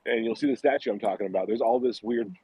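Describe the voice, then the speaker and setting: A man's voice: medium pitch, fast, husky, no room sound. A man telling a creepy personal story in casual chat, acting out the people in it. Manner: animated, acts out dialogue in his story. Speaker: storyteller guest. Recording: dull lo-fi audio.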